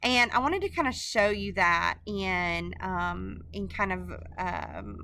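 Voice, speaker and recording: A woman's voice: mid-range voice, bright, forceful tone. A woman teacher talking through a recorded screencast lesson in a casual, informal way, with frequent fillers and restarts.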